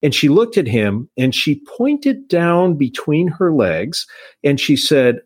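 A man's voice: medium pitch, big pitch swings, measured pace, breathy edge, dry recording. Insurance guy telling a story, rambly, dry room. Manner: anecdotal, many restarts. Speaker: insurance agent. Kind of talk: casual storytelling.

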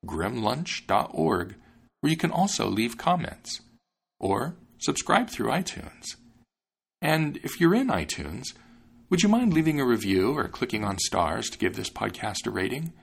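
A man hosting a podcast and reading a fairy tale aloud in an expressive, measured way. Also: mid-range voice, gravelly, breathy edge. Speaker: podcast host and narrator.

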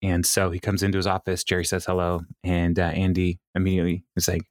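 A man co-hosting a podcast, recapping a sitcom in a relaxed chat, laughing often and quoting characters in animated voices. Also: low voice, fast talker, no room sound, clean studio sound. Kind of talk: casual chat.

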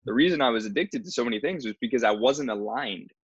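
A man's voice: medium pitch, expressive, fast talker, husky, no echo, dull audio. A man in casual conversation who speaks earnestly about finding one's path. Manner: earnest, spiritual talk.

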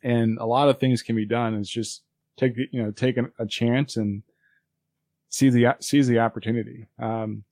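A man co-hosting a podcast, rambling easily with plenty of "ums." His voice sits at a middle pitch and is recorded dry and close. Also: steady tone, normal speed, a little mellow, no echo. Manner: loose and rambling, many fillers. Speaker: podcast co-host. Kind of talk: casual chat.

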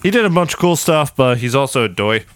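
A man's voice: medium pitch, animated, fast, no room sound. A drunk man co-hosting a comedy podcast, signing off in a playful host patter. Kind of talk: casual drunk banter.

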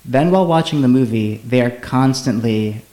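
A man's voice: mid-range voice, moderate pace, warm tone, echoey room. A man hosting a casual podcast chat, chatty and playful, joking with friends. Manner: chatty, playful, slips into mock accents. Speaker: podcast host.

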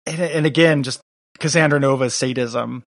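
A man's voice: mid-range voice, normal speed, a bit bright, no echo, clean studio sound. A man co-hosting a podcast, chatting casually about a comic book, rambling with lots of fillers and reading out lines. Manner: rambling, many fillers, reads villain lines aloud. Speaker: podcast co-host.

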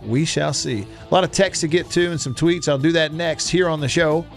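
A man hosting a sports radio show in a studio, talking in a relaxed, chatty way and laughing easily. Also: a little high, fairly quick, soft background music. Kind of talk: casual sports talk radio. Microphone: studio microphone.

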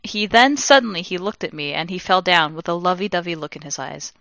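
A woman co-hosting a comedy podcast, reading fan fiction aloud in a theatrical way and shouting out the characters' lines. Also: fairly low pitch, a little fast, dry recording, muffled recording. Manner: reads with big theatrical shouts for the characters, breaks into laughter.

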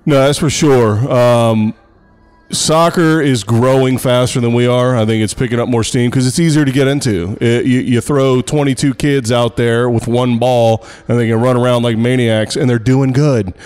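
A man's voice: mid-range voice, steady tone, normal speed, a little mellow, smooth. Joking man hosting a podcast. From Pittsburgh area. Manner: joking, rambling questions. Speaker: podcast host and college tennis coach. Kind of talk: casual podcast chat.

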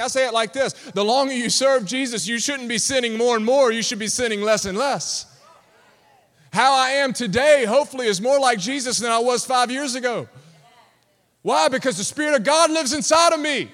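A man's voice: extremely high pitch, moderate pace, fairly bright tone, some chatter behind. A man preaching a sermon to a congregation, emphatic and calling for responses. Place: church sanctuary. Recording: long reverb of a large hall.

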